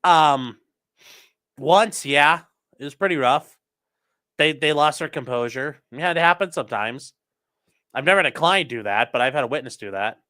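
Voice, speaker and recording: A man's voice: a little high, animated, moderate pace, long pauses, pushed and bright. A man, a lawyer, chatting casually on a livestream and answering viewer comments before trial footage. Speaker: lawyer streaming a trial with live chat.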